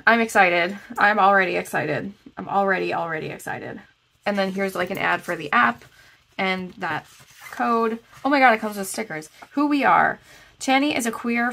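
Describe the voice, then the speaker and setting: Congested woman with a gravelly voice. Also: mid-range voice, fairly bright tone. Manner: chatty, frequent restarts. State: congested, stuffy nose. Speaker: planner review vlogger. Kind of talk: casual review with read-aloud passages.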